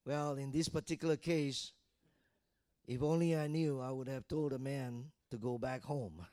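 A man preaching a sermon as pastor, asking rhetorical questions and building to shouted fervor. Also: mid-range voice, steady tone, moderate pace, no echo, studio quality.

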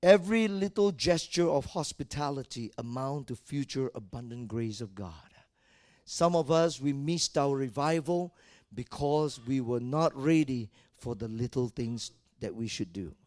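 A male pastor preaching a sermon, telling personal stories and building from quiet talk to loud, repeated exhortations. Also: mid-range voice, animated, measured pace, no echo, studio quality. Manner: tells personal stories and addresses the congregation directly.

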